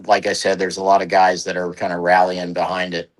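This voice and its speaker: A man's voice: deep voice, completely flat delivery, brisk, low-quality recording. A man telling race stories in casual radio chat, laughing often.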